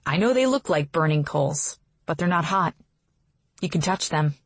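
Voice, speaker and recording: A woman's voice: deep voice, animated, normal speed, breathy edge, no room sound, exaggerated voice. A woman reading a storybook aloud, voicing a charming, teasing young man who is courting the narrator.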